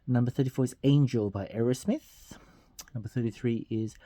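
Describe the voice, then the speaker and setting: A man's voice: medium pitch, animated, moderate pace, mellow, breathy edge, dry recording. A man casually counting down a chart of songs, half-singing the titles and laughing at his own slips. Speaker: vlogger counting down a song chart. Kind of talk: casual countdown with hummed song snippets.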